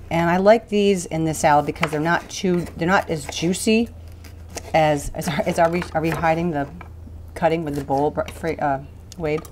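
Low-voiced chatty woman cooking. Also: darkish tone, slight background noise. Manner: chatty, rambling, laughs often. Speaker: cooking show host. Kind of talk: casual cooking demonstration.

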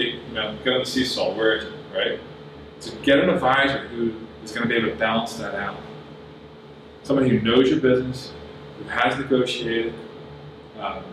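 An earnest man gives straight business advice to a conference crowd. His voice sits at an ordinary middle pitch. It comes from a distance in a very reverberant hall, with a steady hum of noise underneath. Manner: earnest, plain-spoken, advising the audience directly. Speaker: conference speaker. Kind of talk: business talk at a summit. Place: large conference room. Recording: very echoey hall, voice from far off, audible noise.

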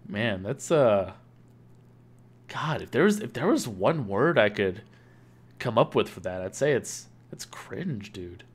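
A man's voice: fairly low pitch, sing-song, measured pace, pauses often, husky. A young man chatting casually and joking on a live gaming stream. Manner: joking, laughs often.

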